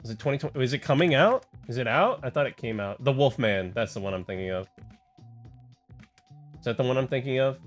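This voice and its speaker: A man livestreaming in casual chat, rambling and excitable, talking straight to his viewers and reading bits aloud. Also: medium pitch, brisk. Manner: rambling and excitable, heavy on "like" and "dude"; talks to chat, reads text aloud. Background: faint music.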